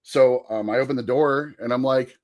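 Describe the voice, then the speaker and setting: A man's voice: medium pitch, fairly even intonation, moderate pace, a little mellow. A young man, a podcast guest, telling a rambling anecdote in a casual chat and laughing as he goes. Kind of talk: casual storytelling.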